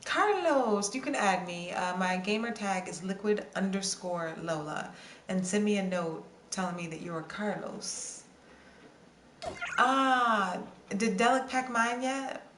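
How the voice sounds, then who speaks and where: A woman's voice: medium pitch, fairly even intonation, unhurried, a bit bright. Chatty woman livestreaming in a roomy space. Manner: chatty, scattered, answers song requests with bits of singing. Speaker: livestream host. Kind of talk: casual livestream chat, reading viewer comments. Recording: roomy with faint ambient noise.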